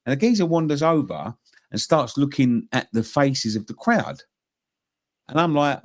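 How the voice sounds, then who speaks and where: A man hosts a football chat and tells stories with plenty of life. His pitch sits in the middle and swings widely as he talks. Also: normal speed. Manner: lively storyteller, chatty. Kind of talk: casual panel chat.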